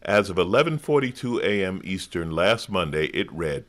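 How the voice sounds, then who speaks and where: Deep-voiced man telling a dry comic story. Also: animated, moderate pace. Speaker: comedy panelist. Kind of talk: reading a scripted comic story.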